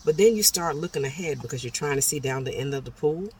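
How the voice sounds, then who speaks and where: A woman voicing a gentle former swim teacher, polite and hesitant at first, then encouraging. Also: sits low, animated, fast talker, a little hiss or hum, poor audio. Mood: coaching.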